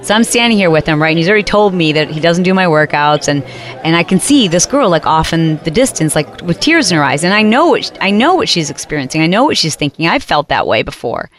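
Animated woman host, storytelling. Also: fairly low pitch. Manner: animated, acts out other people's lines in quick voices. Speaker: podcast host. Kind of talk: casual storytelling monologue.

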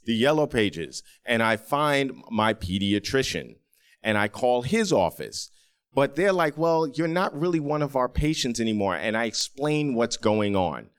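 Man, storyteller, lively swinging pitch, acts out quotes. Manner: animated, acts out quoted voices. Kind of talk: first-person storytelling.

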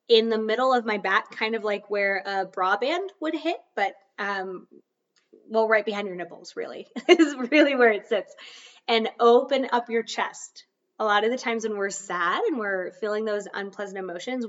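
A woman's voice: mid-range voice, fairly bright tone, far from the mic. Woman host, casual self-help chat, sidetracked and self-mocking, slightly off-mic, dull recording. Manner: chatty, loses her train of thought and laughs it off. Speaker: podcast host.

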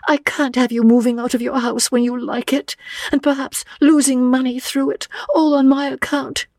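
A woman voicing a nervous, flustered young woman who stammers in a high voice. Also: level tone, normal speed, darkish tone, no room sound, clean studio sound. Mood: anxious.

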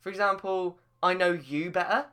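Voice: medium pitch, steady tone, moderate pace, bright, forceful tone, clean tone. A comedy podcast co-host, rambling and mock-serious. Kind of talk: comic banter.

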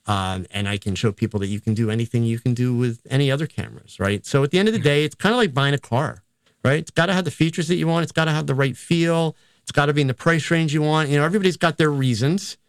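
A man's voice: medium pitch, fast talker, dry recording. Self-deprecating older man, dry sound. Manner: rambling and self-deprecating, quotes himself. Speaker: photographer and educator. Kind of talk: casual interview storytelling.

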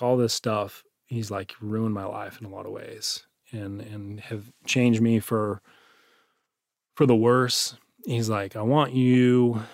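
Male interview guest, somewhat low voice, halting delivery with fillers, dry sound. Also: gravelly, darkish tone, no echo. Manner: halting, many restarts and fillers. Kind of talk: personal story in an interview.

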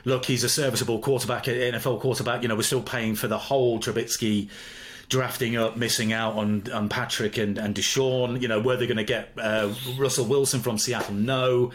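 A man, a studio guest chatting casually, rambling through restarts and quick asides. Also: medium pitch, fairly even intonation, a little hiss or hum. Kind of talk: casual chat.

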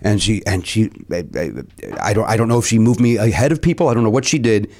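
A middle-aged man hosts a podcast, telling a travel story in casual chat with a fairly low, quick voice. He's animated and acts out the lines other people said.

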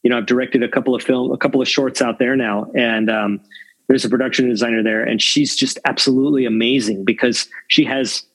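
A man's voice: medium pitch, steady tone, brisk, husky, low-quality recording. A man talking casually in an interview about cinematography, rambling with many restarts and "you know"s. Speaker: cinematographer guest.

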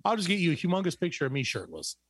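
A man's voice: fairly high pitch, wildly swooping pitch, racing, a crowd in the background. A man hosting a podcast in casual chat, joking and teasing his co-host and laughing often.

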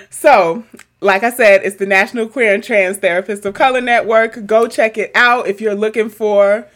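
A young woman and therapist chatting casually as podcast co-host, animated, laughing often and swearing casually. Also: mid-range voice, normal speed.

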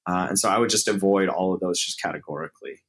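Low-voiced man talking haltingly. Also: fairly bright tone, rough recording. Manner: hesitant, many fillers and restarts. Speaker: interview guest, startup co-founder. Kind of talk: casual interview talk.

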